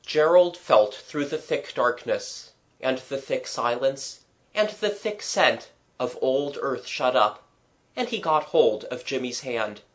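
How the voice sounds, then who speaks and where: A narrator reading a children's audiobook in slow, expressive storytelling. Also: mid-range voice. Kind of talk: scripted narration of a children's book.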